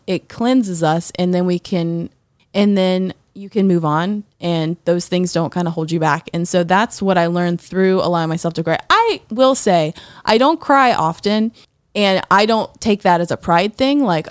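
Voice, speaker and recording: A woman's voice: lowish voice, dry recording, studio quality. A woman co-hosting a podcast, talking candidly and reflectively about personal experience, with many fillers and restarts. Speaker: podcast co-host. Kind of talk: casual personal conversation.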